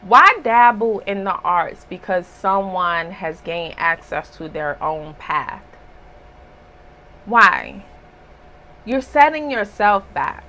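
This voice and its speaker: A woman's voice: medium pitch, lively intonation, slow, pushed and bright. A woman giving a casual spiritual reading, talking bluntly and emphatically with a scolding tone. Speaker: spiritual reader.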